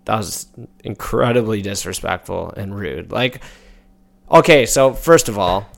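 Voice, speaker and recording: A man's voice: fairly low pitch, expressive, a little slow, gravelly. A man co-hosting a casual hockey podcast, speaking bluntly and swearing freely. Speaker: podcast co-host. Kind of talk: casual sports chat.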